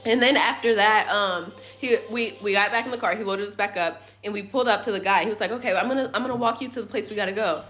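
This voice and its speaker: A young woman telling a rambling, animated story about her family's trip in a casual vlog at home, with swearing and side remarks. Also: medium pitch, fast, hardly any pauses, faint music behind. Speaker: family vlogger. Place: at home in a rental apartment.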